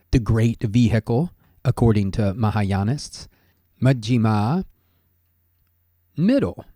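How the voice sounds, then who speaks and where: A man teaching an ancient language in a measured, scholarly way, thinking aloud with small pauses as he explains each word. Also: fairly low pitch, warm tone, no echo, studio quality. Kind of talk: explanatory lesson monologue.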